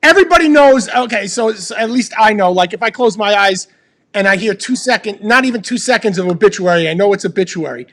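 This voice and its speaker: A man's voice: high voice, animated, brisk, a bit bright. A middle-aged man hosting a casual interview, asking questions with enthusiasm and often stumbling over his words. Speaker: podcast host.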